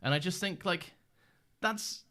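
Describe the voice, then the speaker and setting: A man's voice: high voice, bright, forceful tone. A young man co-hosting a fan podcast in casual chat, joking, laughing easily and acting out lines. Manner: jokey, quick to laugh, acts out quotes. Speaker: podcast co-host.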